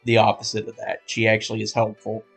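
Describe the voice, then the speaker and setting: A man's voice: on the low side, completely flat delivery, fast talker, gravelly, slightly rough, faint music behind. A man co-hosting a casual podcast chat, earnest and explaining things. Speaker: podcast co-host.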